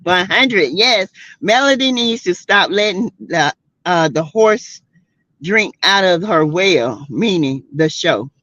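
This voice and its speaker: A woman's voice: on the low side, expressive, slow pace, a bit bright, no room sound, muffled recording. A woman from South Carolina hosting a livestream, giving sassy, outspoken, slangy commentary on a reality show to her live chat and laughing often. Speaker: livestream host.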